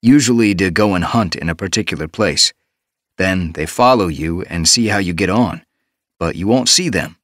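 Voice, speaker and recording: A man's voice: low voice, moderate pace, a bit bright, no echo, clean studio sound. A man voicing an earnest, decisive male cat clan leader in an audiobook. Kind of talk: audiobook character voice.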